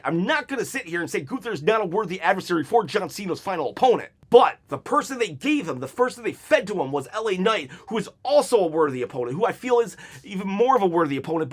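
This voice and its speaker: A man giving heated, exasperated hot-take commentary on wrestling, with sarcastic mock quotes. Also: high-pitched.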